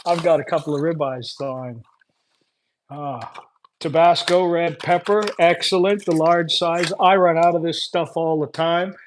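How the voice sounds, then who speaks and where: Casual livestream host, man, slightly higher voice, effusive and laughing, light background hiss. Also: steady tone, a little slow. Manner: warm, effusive, laughs often. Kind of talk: casual livestream unboxing chat.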